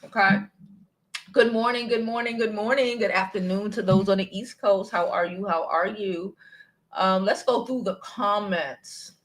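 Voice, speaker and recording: A woman with a Brooklyn accent hosting a casual live-stream chat, talking in an animated, blunt way and swearing freely. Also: medium pitch, a little slow. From New York City. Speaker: vlog host.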